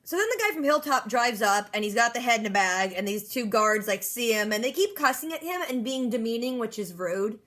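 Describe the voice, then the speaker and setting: A woman recapping a TV episode in a rapid, chatty way, dropping sarcastic asides. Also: on the high side, expressive, a bit bright. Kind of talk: casual fast-paced episode recap.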